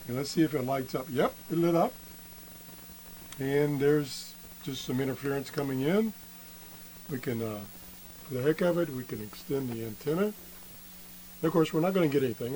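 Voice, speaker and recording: A man slowly demonstrating an old radio, halting often and clearing his throat, his voice worn from being sick. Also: mid-range voice, slight background noise, poor audio. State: losing his voice after illness. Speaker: radio hobbyist video host. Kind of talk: casual show-and-tell demo.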